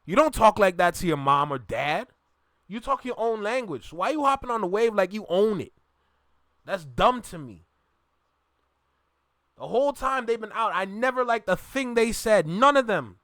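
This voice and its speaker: A man from Jamaica with a Jamaican accent, hosting a reaction video and chatting casually to viewers in an animated, repetitive way. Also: high-pitched, normal speed, dry recording, studio quality. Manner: animated, repeats himself, talks to viewers directly.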